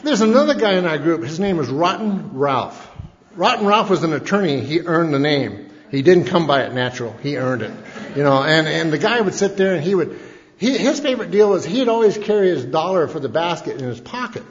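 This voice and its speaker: A man's voice: on the high side, sing-song, a little fast. A man telling rambling, self-mocking stories as a speaker at a recovery meeting. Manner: rambling, folksy, self-mocking, with frequent restarts. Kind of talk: humorous personal testimony. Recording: dull lo-fi recording in an echoey hall.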